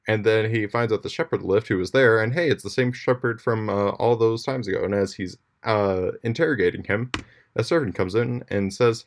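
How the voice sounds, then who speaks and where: A man's voice: on the low side, normal speed. A man giving a school presentation, retelling a play in a jokey, casual way with slang. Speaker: student presenter.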